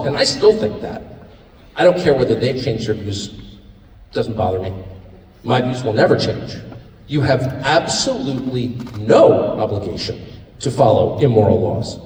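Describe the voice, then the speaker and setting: A middle-aged American man giving a live speech at an event, speaking in a sarcastic, mocking, animated way. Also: medium pitch, brisk, slight background noise. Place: large hall with live audience. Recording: echoey hall recorded from far off in audience.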